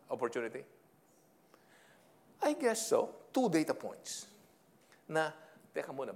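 A man with a Filipino accent giving a management lecture, switching between English and Tagalog and putting questions to the audience. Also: mid-range voice. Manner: code-switching, animated, asks the audience questions. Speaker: leadership trainer.

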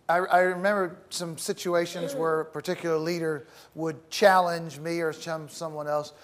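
Man giving a measured classroom lecture. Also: a little high. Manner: measured, deliberate, with pauses and some repeated words. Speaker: teacher.

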